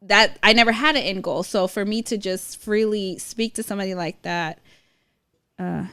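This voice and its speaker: A woman's voice: medium pitch, normal speed, sharp tone, clear, resonant tone, no echo, studio quality. A young woman co-hosting a podcast, talking casually in a loose way with lots of filler words. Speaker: podcast co-host. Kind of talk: casual chat.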